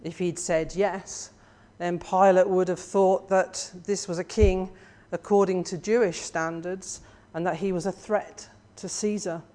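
A preacher delivering a sermon in a measured, reflective way, often putting questions to the listeners. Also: medium pitch, steady tone, a little mellow.

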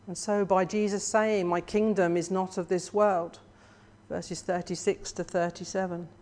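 Slow, measured preacher posing questions. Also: medium pitch, little pitch movement, darkish tone. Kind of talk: sermon.

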